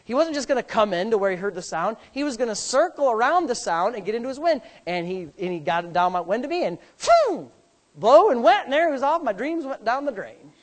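A man preaching in a big hall, his voice trailing off into a long reverb. He swings from loud, climbing exhortation to low, folksy storytelling. He repeats himself and restarts sentences as he talks. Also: very animated, fast talker, few pauses. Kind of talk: sermon with hunting story.

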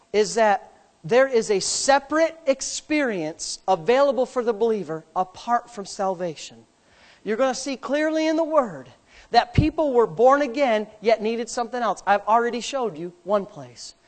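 Male pastor, high voice, emphatic sermon delivery with loud shouts and soft joking asides. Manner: jokes with the congregation.

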